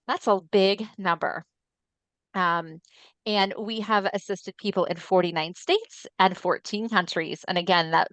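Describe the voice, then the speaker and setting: A woman's voice: mid-range voice, a bit bright, no room sound. A woman presenting an educational webinar in a friendly, explanatory way with frequent ums, recorded on a video call microphone. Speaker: webinar presenter for an ALS voice nonprofit.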